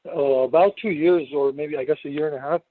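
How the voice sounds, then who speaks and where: Brief: male caller, higher voice, eager fan, tinny phone line. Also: fast. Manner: hesitant, excited fan.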